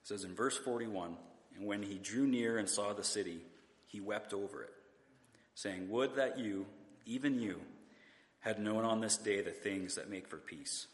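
A man's voice: lowish voice, normal speed, roomy sound, big-room sound. A man preaching a sermon in a church, talking in a conversational way, asking the congregation rhetorical questions and sometimes restarting his words. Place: church sanctuary.

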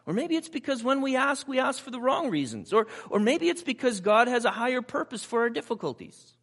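A male preacher with a high voice that leaps up and down as he talks. He delivers his sermon conversationally, trading personal asides for rhetorical questions to the congregation. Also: big pitch swings, fairly quick, a bit bright. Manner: asks the audience rhetorical questions.

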